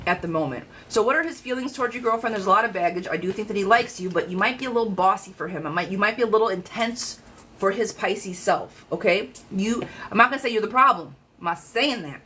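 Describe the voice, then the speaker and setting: A woman giving a live-streamed tarot reading in a chatty, frank, lively way, talking straight to her viewers. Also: mid-range voice, slight background noise, rough recording. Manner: chatty, animated, frank, calls viewers girlfriend. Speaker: tarot reader.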